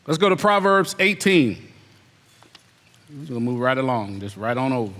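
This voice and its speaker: A man's voice: mid-range voice, normal speed, fairly bright tone, in a large hall. A man preaching a sermon as an elder, emphatic and repetitive, firing rhetorical questions at the congregation. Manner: mimics lazy excuses in put-on voices.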